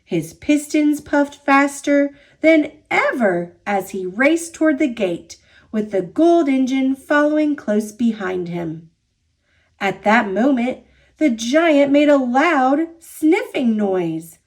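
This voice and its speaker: A woman reading a children's picture book aloud, with expressive, drawn-out storybook narration. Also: high voice.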